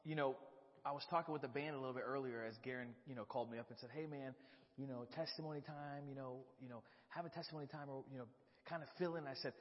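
A man filling in as preacher in a church, praying and joking with the congregation in a chatty, easygoing way that swells into loud excitement. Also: medium pitch, fast. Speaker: fill-in preacher. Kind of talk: informal sermon with prayer. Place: church sanctuary. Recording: dull echoey church hall recording.

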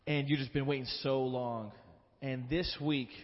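A man's voice: mid-range voice, steady tone, a little slow. A man speaking in church at offering time, telling an earnest, emotional story and then leading a prayer. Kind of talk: sermon testimony and prayer. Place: church hall. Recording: dull sound in a reverberant hall.

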